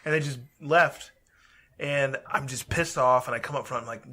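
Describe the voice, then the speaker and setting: Young male podcast co-host, bright forceful tone, swears, laughs a lot. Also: medium pitch, normal speed, slightly rough. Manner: profane, animated storytelling, laughs often. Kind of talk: casual podcast chat.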